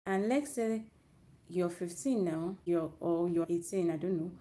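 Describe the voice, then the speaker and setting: A woman's voice: lowish voice, measured pace, mellow. A woman giving an earnest, motivational faith talk to young people on a live stream, often restarting her phrases as she goes. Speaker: youth speaker. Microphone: live stream, own network.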